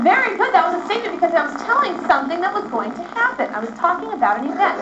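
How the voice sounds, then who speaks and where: Woman teacher, high voice, very animated, energetic, coaxing, dull phone recording, loud classroom noise. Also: racing, few pauses. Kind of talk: classroom instruction with rhythmic chanting. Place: school classroom with children. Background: children and classroom noise.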